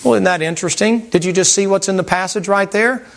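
A man preaching a sermon to a congregation in a folksy, animated way, repeating words and mimicking sounds. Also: high-pitched, fast talker, vocal fry. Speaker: pastor. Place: church sanctuary with congregation.

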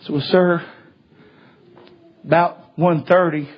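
A man preaching a sermon, telling a story in a folksy way and swinging from hushed tones to shouts. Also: a little high, steady tone, slow pace. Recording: dull lo-fi recording.

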